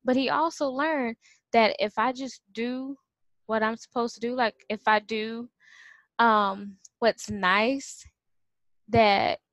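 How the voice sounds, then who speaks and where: A woman's voice: a little high, fairly even intonation, slow, a bit bright, dry recording. A woman telling a story casually to camera, acting out quotes and laughing often. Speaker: vlogger and former preschool teacher.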